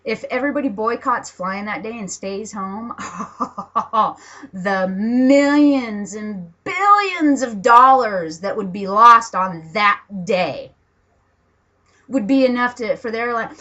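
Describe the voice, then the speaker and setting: A woman's voice: on the high side, animated, takes it slowly, pushed and bright, lo-fi sound. A woman ranting bluntly and profanely to her viewers in a home vlog, laughing between lines. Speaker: vlogger.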